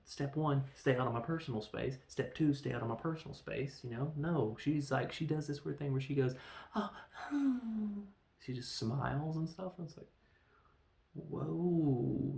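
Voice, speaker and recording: A man talks through a film plot on his review podcast in a loose, rambling way, slipping into quick character voices. His voice has a gravelly edge, and the room around him sounds roomy and echoey. His pitch sits in an ordinary middle range. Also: a little mellow. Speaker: podcast host reviewing films. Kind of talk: casual film review monologue.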